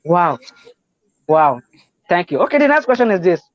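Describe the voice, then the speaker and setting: A high-pitched Nigerian man hosts the chat, gushing and repeating himself as he slips into pidgin. The recording is dull and dry, with no room sound. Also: big pitch swings, moderate pace, no room sound. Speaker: interview host. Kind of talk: casual interview chat.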